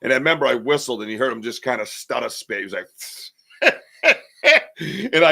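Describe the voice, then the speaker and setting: A man hosting a podcast, chatting in an animated, joking way and swearing casually. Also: mid-range voice, brisk, gravelly, long pauses. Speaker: podcast host. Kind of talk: casual chat.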